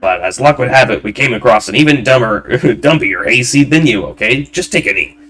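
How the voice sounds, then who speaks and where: A man voicing a loud, arrogant male film director who shouts and talks down to people. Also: medium pitch, lively intonation, fairly quick, faint music behind, voice pushed up, natural voice. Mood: brash, condescending. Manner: shouting, condescending, brash.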